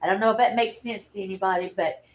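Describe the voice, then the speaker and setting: A woman, telling a personal story in a halting, earnest and openly emotional way on a livestream. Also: mid-range voice, steady tone, poor audio. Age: 40s. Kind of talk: candid personal livestream talk.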